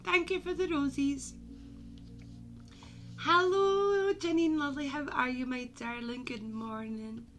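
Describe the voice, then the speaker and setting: A woman's voice: sits high, fairly even intonation, takes it slowly, a bit bright, faint music behind. A woman hosting a live stream as a medium, chatting casually with viewers and calling them "my darling".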